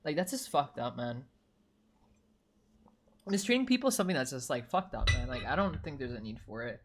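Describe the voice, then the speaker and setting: A young adult woman streaming, chatting casually with her viewers in a slangy, animated way full of swearing and fillers. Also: a bass voice, a little fast, noisy background.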